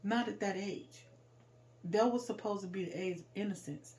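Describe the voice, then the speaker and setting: A woman of medium pitch and moderate pace tells a personal story of pain in plain, casual words. Her emotion comes through raw, and reliving the worst moments pushes her into loud outbursts.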